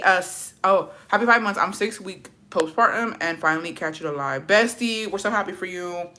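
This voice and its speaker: A young woman hosting a casual livestream in a bright, forceful voice. She talks loudly and profanely with lots of energy, and sometimes drops into a hushed whisper. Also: fairly low pitch. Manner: loud, profane and animated, swinging to hushed whispers. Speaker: livestream host. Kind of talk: casual livestream chat reading viewer comments.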